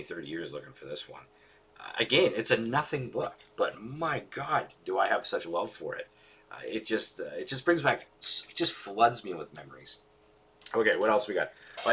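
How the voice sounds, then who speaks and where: A man's voice: on the low side, sharp tone, husky. A man talking casually and enthusiastically about his collection, rambling with many fillers. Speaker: collector vlogger. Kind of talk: casual chat.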